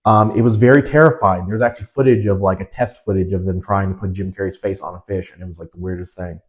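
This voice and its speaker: A man's voice: low voice, steady tone, quick pace. A young man chatting casually as a podcast co-host, rambling with lots of fillers and restarts. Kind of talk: casual chat.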